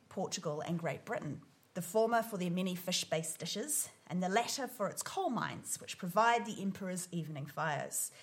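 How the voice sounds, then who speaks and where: Low-voiced New woman reading a comic essay. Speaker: comedy panellist.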